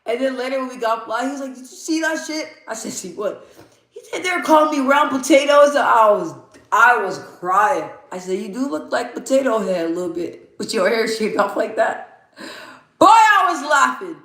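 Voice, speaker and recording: A woman's voice: fairly high pitch, lively intonation, moderate pace, a bit bright. Chatty young woman, echoey room. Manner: laughs often, chatty, reads chat aloud. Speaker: livestream host. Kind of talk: casual livestream chat.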